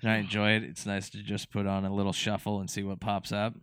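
A man's voice: lowish voice, little pitch movement, quick pace, fairly bright tone, clean tone, no echo, clean studio sound. A man co-hosting a podcast in casual chat, talking in a laid-back, rambling way. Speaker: podcast co-host.

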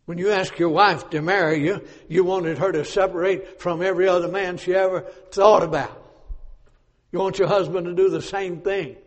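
A high-pitched preacher delivers an emphatic sermon, rising to shouts and then dropping to hushed asides. His voice rings through a large church with a long reverb. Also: fairly even intonation, normal speed, lo-fi sound.

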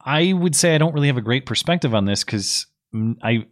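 A male call-in host with a lively, swinging pitch. He talks in a relaxed, joking way with callers. His voice sits in an ordinary middle register. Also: a little fast. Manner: laid-back, joking with callers. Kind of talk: casual call-in chat.

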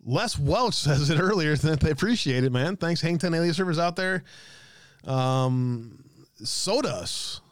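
A man's voice: a little high, lively intonation, measured pace, no room sound, clean studio sound. Profane chatty male livestream host. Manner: profane, jokey, reads chat comments aloud. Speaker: livestream host reading chat. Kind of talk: casual livestream chat.

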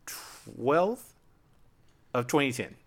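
A man's voice: medium pitch, lively intonation, extremely slow. A man chatting casually on a podcast, playful and laughing often as he tells stories. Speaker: podcast guest. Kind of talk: casual chat.

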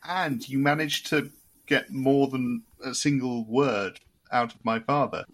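Male co-host, mid pitch, dry wry humour, casual chat. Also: measured pace. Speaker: podcast co-host.

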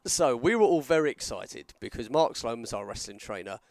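A man's voice: medium pitch, brisk, gravelly, no echo, clean studio sound. Chatty man telling rambling stories. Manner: rambling storyteller, animated when quoting others. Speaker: podcast co-host, wrestler. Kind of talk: casual chat.

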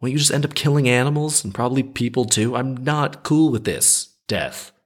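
A man's voice: medium pitch, moderate pace, voice pushed up, lightly acted. A man voicing an anxious, weary male bird-sanctuary worker who talks in an exasperated way. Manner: exasperated, nervous.

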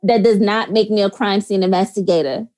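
A woman, co-hosting a casual chat, slow and emphatic and quick to laugh. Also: medium pitch, steady tone, a little mellow.

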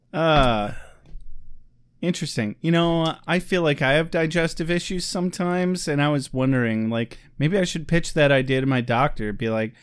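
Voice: medium pitch, animated, smooth, no echo. A podcast co-host recapping a TV episode in casual, joking chat. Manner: joking, playful, quick to laugh.

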